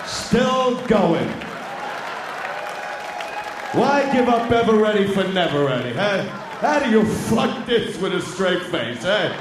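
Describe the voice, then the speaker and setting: Loud male stand-up comic, crude crowd work, live show with a noisy, echoing audience. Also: high-pitched, sing-song, slow, pauses often. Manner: loud, brash, taunts the audience, often shouting. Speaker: stand-up comedian. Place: large live venue with an audience.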